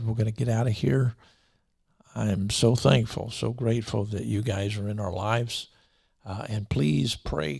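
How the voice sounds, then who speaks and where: Guy preaching thru a bible passage, husky voice, mid pitch, reads slow and repeats stuff. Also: no echo, clean studio sound. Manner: deliberate, reads passages slowly and repeats key lines. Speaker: show host and preacher. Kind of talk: scripture reading with commentary.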